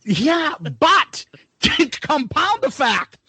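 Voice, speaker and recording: Gravelly high-voiced man swearing and laughing. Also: sing-song, drawn-out words, pushed and bright. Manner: profane, laughing, tells stories. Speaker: podcast co-host. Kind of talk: casual chat.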